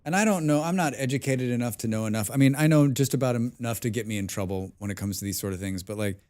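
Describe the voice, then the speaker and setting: A man's voice: mid-range voice, quick pace, darkish tone. A man talking casually on a live game stream, rambling and thinking aloud with many restarts and the odd swear. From abroad, lives outside his birth country. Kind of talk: casual live-stream chat while gaming.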